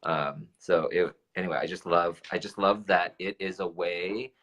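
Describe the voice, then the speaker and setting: A man co-hosting a casual talk show, chatting in an animated way with many fillers and restarts. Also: deep voice, normal speed. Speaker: co-host. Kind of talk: casual chat.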